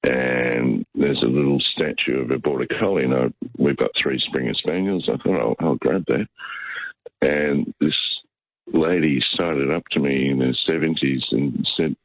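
A man's voice: rumbling low, moderate pace, breathy edge, no echo. A middle-aged Australian man calling in to a radio show, telling a rambling story full of restarts. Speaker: caller. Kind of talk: phone-in chat. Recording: muffled phone line.

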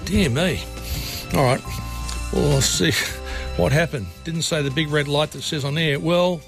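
A man's voice: fairly high pitch, measured pace, vocal fry, music in the background. An Australian man hosting late-night radio talk in a studio, chatty and rambling, with many filler sounds as he goes. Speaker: radio host. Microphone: studio microphone.

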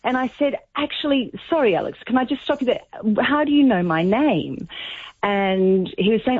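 A woman's voice: fairly high pitch, expressive, normal speed, breathy edge, dry recording. Chatty woman on a tinny phone line. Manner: chatty storyteller, acts out quoted dialogue. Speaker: caller. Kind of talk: phone-in radio chat.

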